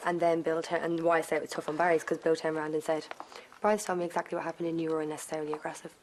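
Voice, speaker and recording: A woman's voice: low-pitched, very fast. A young woman on a reality show, chatting casually and animatedly acting out what people said. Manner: animated retelling, acts out quotes. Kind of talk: casual chat. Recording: noisy house recording.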